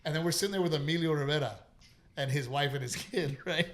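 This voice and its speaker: A middle-aged man from Texas, hosting a podcast and telling stories in an animated way, laughing often and swearing. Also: on the high side, fast talker, slight background noise. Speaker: podcast host. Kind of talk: casual chat.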